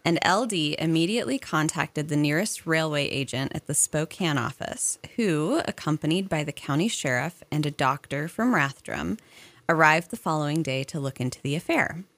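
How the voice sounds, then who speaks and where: A woman's voice: deep voice, animated, moderate pace, a bit bright, dry recording. A woman from a local museum, reading out a local history story with conversational asides.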